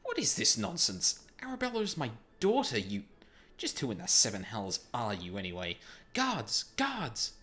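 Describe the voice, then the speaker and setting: A man voicing a pompous, wealthy older merchant who blusters and shouts for his guards in a game reading. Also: fairly low pitch, animated, moderate pace. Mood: outraged.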